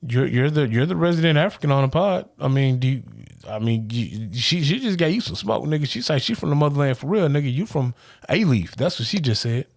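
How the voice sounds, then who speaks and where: A man with a drawl and a gravelly, creaky voice trades teasing insults on a podcast. His sound is dry and close, and he drawls along in loose, joking banter. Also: medium pitch, lively intonation, fairly quick, no room sound. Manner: teasing, trash-talking, drawling. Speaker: podcast co-host. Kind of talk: casual banter. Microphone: remote call.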